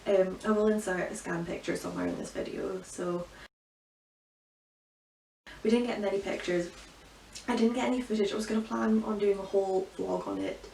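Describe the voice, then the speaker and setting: A young woman gives a chatty, emotional vlog update with a gravelly, fry-tinged voice. She is recorded by a camera set back in a bedroom, so her voice sounds roomy and distant, with a faint hiss underneath. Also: mid-range voice, animated, moderate pace, long pauses, a little mellow. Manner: chatty, emotional, many "like" fillers. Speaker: vlogger. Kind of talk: casual pregnancy update vlog. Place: bedroom at home. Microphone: camera from some distance.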